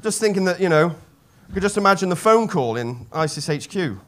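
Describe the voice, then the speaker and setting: A man doing a live stand-up set on a comedy club stage, deadpan asides into a handheld mic. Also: high voice, a little fast.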